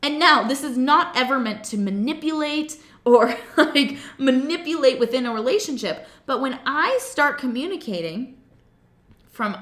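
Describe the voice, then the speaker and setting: Woman coach, animated and playful, bright voice, slightly high, roomy echo. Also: moderate pace. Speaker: self-love coach. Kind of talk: motivational talk to camera.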